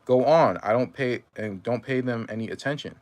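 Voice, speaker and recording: A man's voice: mid-range voice, normal speed, darkish tone, close to an everyday voice. A man reading aloud and voicing a stern, hard-pressed mother who gives clipped, final commands.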